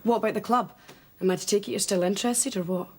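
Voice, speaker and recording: An actress playing a sensible daughter in a TV soap who asks probing questions. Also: female voice, mid-range voice, fast talker, a little hiss or hum, lightly acted. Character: sensible Scottish daughter, probing and level-headed. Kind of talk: TV soap drama.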